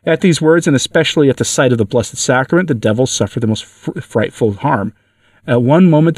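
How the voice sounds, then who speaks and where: Male podcast narrator, earnest measured reading, average pitch, dry distant sound. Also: a little mellow, no room sound. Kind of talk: reading a devotional story aloud.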